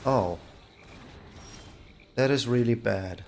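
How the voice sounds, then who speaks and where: A man's voice: mid-range voice, slow, a little mellow, a little hiss or hum. A man hosting his own gaming channel, giving casual gameplay commentary and exclaiming in exasperation at his bad luck.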